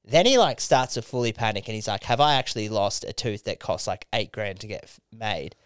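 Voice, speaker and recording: A young Australian man with a smooth, clean voice spins a crude yarn for his mates. He swears freely and slips into the voices of the people in his story. The sound is close and dry, like a podcast mic. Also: fairly low pitch, fairly quick, dry recording. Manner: animated, swearing yarn-spinner acting out quotes. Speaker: podcast host. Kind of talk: casual storytelling chat.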